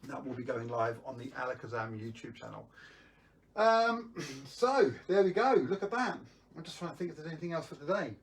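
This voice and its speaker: A man's voice: a little high, big pitch swings, fairly quick, recorded from a distance. A man hosting a live magic stream, chatting casually to viewers with lots of ums and restarts.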